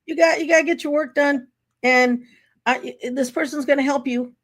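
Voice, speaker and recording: A woman who runs workplace behavior training, chatting in an interview and telling lively stories with frequent laughter. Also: high-pitched, moderate pace. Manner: lively, laughs often, acts out anecdotes. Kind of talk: casual interview storytelling.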